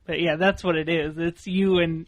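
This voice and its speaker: A podcast co-host chatting casually, laughing often while telling stories and giving quick tips. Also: medium pitch, fairly even intonation. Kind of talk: casual chat.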